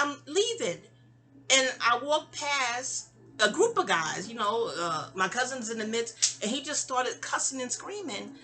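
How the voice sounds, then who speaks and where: A woman's voice: mid-range voice, sharp tone. A woman, telling a personal story in a casual, rambling audio-diary style, stammering and restarting and acting out quoted lines.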